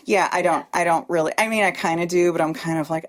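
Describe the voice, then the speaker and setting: A woman guest on a radio talk show, telling her story in a blunt, animated way with frequent laughs. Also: on the low side, fast talker. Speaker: guest artist. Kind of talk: casual chat. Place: radio studio.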